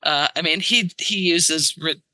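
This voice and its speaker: A woman translator, a guest on a podcast, explaining in an animated way and tapping out verse rhythms aloud. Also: sits low, unhurried, no room sound, low-quality recording. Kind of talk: casual podcast interview. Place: studio.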